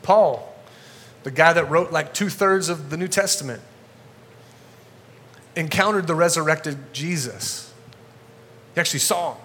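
A male pastor preaching a sermon to a congregation in a church, energetic and conversational, getting fired up as he talks. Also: a little high, measured pace, pauses often, a little hiss or hum.

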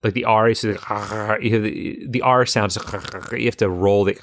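A man's voice: on the low side, steady tone, moderate pace, no echo, clean studio sound. A man co-hosting a podcast, chatting casually with playful, mock-authoritative confidence. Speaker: podcast co-host. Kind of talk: casual banter.

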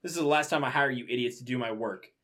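A man's voice: medium pitch, quick pace, sharp tone. A young man taking his turn reading a fan story for laughs, adding wry comments about it. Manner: wry commentary between read passages. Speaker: co-reader. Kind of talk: comedic dramatic reading.

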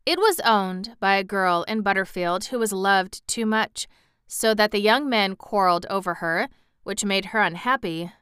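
A shy, ragged wanderer speaks with plain, earnest humility, voiced by a woman reader close to her own voice. Her tone stays bright and exceptionally clear, recorded dry and near the mic. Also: mid-range voice, normal speed, no room sound, lightly acted. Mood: humble. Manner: earnest, humble, plain-spoken. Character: shy, humble ragged vagabond man. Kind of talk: audiobook character reading.

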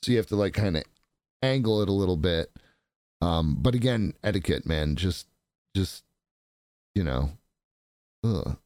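A man's voice: low voice, unhurried, long pauses, no echo, clean studio sound. A man co-hosting a podcast in crude, casual banter, swearing often and breaking into exaggerated voices. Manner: profane, animated, jumps into exaggerated voices. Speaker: podcast co-host.

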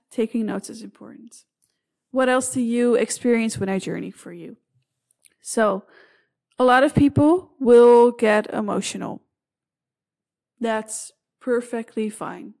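A woman's voice: on the high side, creaky, a little mellow. A woman hosting her own podcast, talking earnestly and a little meanderingly, with many fillers and restarts. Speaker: shaman podcast host. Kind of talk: solo podcast monologue.

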